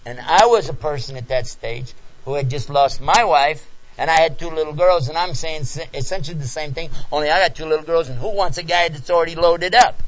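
A man speaking at a talk, telling a personal story in an animated way and acting out the scenes. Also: a little high. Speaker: lecturer answering questions. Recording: dull lo-fi recording.

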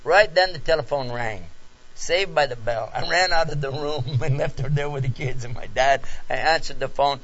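A man speaking at a question-and-answer session after a lecture, telling a humorous personal story in a lively, animated way. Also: mid-range voice, moderate pace. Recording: dull lo-fi lecture tape with faint noise.

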